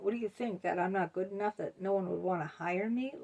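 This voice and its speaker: Rambling, gravelly-voiced woman vlogger. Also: medium pitch, fast talker, warm tone, lo-fi sound. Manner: rambling, full of ums and you-knows. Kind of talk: casual talk to camera.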